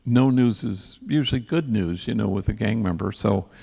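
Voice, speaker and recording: A priest tells an earnest story at an event, his man's voice deeply gravelly and full of fry. He sprinkles Spanish slang through his telling, and a long hall reverb trails behind every phrase. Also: moderate pace, mellow.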